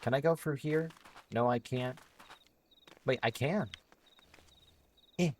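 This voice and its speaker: A man's voice: medium pitch, animated, slow pace, long pauses. A man streaming a video game, chatting casually and thinking aloud, with lots of fillers as he rambles. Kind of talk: casual gameplay commentary.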